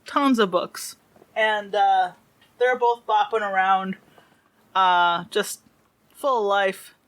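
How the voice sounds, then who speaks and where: A woman running a tabletop game as game master, narrating in a rambling, animated way. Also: mid-range voice, slow pace.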